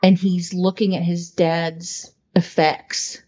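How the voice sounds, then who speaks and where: A woman's voice: lowish voice, little pitch movement, takes it slowly, a little mellow, muffled recording. A woman co-hosting a podcast in casual chat, talking in an earnest, heartfelt way with many fillers. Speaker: podcast co-host.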